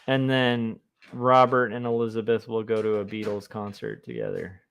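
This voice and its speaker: A man's voice: fairly low pitch, fairly even intonation, normal speed, a bit bright, smooth. A man, a comic artist, chatting casually on a livestream in a rambling, self-amused way. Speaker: comic artist streaming his work.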